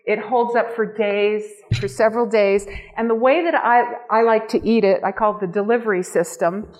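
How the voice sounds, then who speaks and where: A woman's voice: mid-range voice, fairly even intonation, normal speed, a little mellow. A woman teaching a nutrition and cooking class to a small group, gushing and enthusiastic as she demonstrates. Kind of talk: live cooking demonstration talk.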